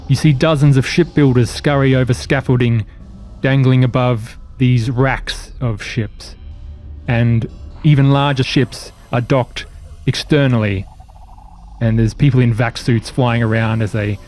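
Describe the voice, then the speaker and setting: A man running a tabletop role-playing game as game master, setting scenes in slow, descriptive narration. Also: medium pitch, a little mellow.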